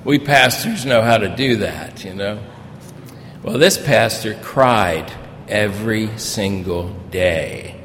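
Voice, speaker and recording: Folksy older pastor in a reverberant hall. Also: male voice, takes it slowly. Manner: folksy, storytelling, animated in places. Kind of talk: sermon with personal stories. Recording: reverberant hall with faint rumble.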